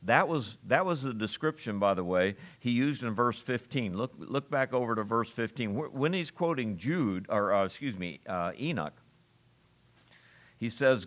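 A man's voice: mid-range voice, expressive, moderate pace, a bit bright. A middle-aged man preaching a sermon as pastor, reading scripture aloud in an earnest voice with emphatic rises.

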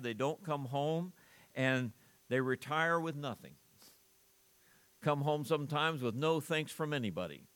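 A man's voice: medium pitch, a bit bright, clean tone. A male pastor preaching an earnest sermon, asking the congregation rhetorical questions and often restarting his phrases.

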